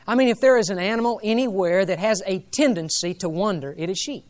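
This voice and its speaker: A man's voice: high-pitched, quick pace, few pauses. A male pastor preaching a sermon in an earnest, reverent way, building to emphatic rises.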